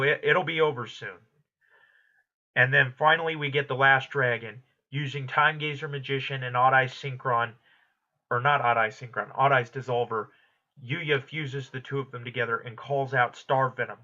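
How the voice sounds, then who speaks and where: Man recapping an anime episode, bright voice. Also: medium pitch, highs cut off. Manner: retells plot quickly, quoting characters in passing.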